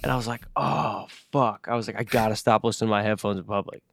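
A man's voice: fairly low pitch, level tone, racing, slight background noise. A young man co-hosting a podcast, telling rambling stories full of fillers and swearing in casual chat. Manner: rambling storytelling, heavy swearing, lots of fillers. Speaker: podcast co-host.

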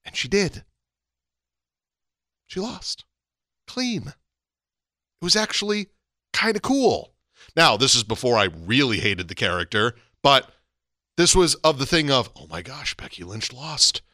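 A man's voice: mid-range voice, big pitch swings, a little slow, long pauses, pushed and bright, dry recording, clean studio sound. A man co-hosting a podcast, chatting casually and animatedly, his voice climbing to emphatic peaks. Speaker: podcast co-host. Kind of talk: casual wrestling chat.

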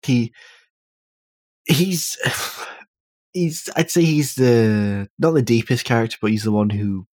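A man's voice: medium pitch, slow pace, a little mellow, dry recording. A man with a British accent, analysing a film thoughtfully in casual podcast talk. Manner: thoughtful, analytical, hesitant restarts. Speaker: podcast host.

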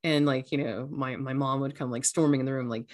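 A woman's voice: extremely low pitch, fairly even intonation, brisk, darkish tone. A woman hosting a casual podcast, talking earnestly as a coach and acting out voices now and then. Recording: echoey room sound.

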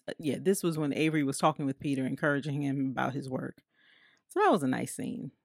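Woman movie reviewer, low and dry, chatty, laughs often and fills pauses. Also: dry recording. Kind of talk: casual spoken movie review.

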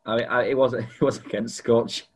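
A man's voice: medium pitch, steady tone, fairly quick, husky. A man co-hosting a casual film podcast, giving brief reactions and dry replies. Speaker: podcast co-host.

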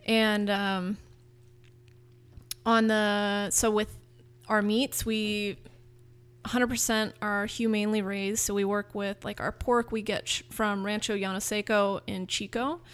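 A woman's voice: mid-range voice, little pitch movement, slow pace, clean tone. Chatty upbeat woman from northern california. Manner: enthusiastic, chatty with frequent restarts. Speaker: food business founder. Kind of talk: casual interview talk.

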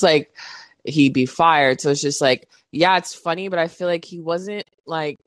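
Lowish-voiced woman co-hosting a podcast, swearing casually. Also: a little slow, no room sound, clean studio sound. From Southern California. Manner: animated storytelling, quotes movie lines, swears freely. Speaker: podcast co-host. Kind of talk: casual chat.

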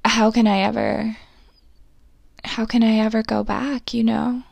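Young woman with heavy vocal fry, oversharing. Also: on the high side, flat delivery, a little slow, darkish tone, no room sound. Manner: candid, swearing, rambling oversharing. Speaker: podcast host. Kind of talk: confessional solo podcast chat.

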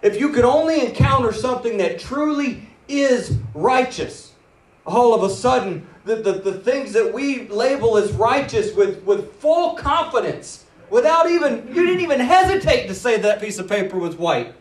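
A man preaching a sermon in an animated, dramatic way, acting out the quoted words. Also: very high voice, moderate pace. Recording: roomy, voice from a distance.

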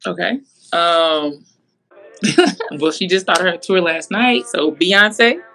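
Bright, easygoing woman guest. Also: on the low side, slow, soft background music, poor audio. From Atlanta, Georgia, USA. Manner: relaxed, easygoing, laughs easily. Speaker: guest, basketball coach. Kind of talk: casual interview.

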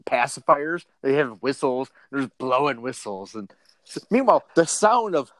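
A man co-hosting a comedy podcast, his pitch leaping all over as he riffs. He talks in an animated, profane, disbelieving way, piling on jokes. His pitch sits mid-range for a man. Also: normal speed, dry recording. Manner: animated, profane, riffing incredulously. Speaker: podcast co-host.

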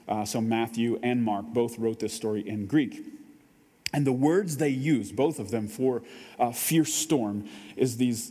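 Male pastor, casual and animated, slightly higher voice, church hall reverb. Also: breathy edge. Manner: conversational, animated, acts out quotes. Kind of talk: sermon. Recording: reverberant hall with faint music.

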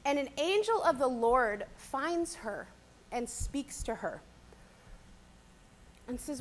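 A woman's voice: sits high, sing-song, slow, long pauses, a little hiss or hum. A woman giving a casual Bible teaching talk, chatty and conversational, often checking in with "right?".

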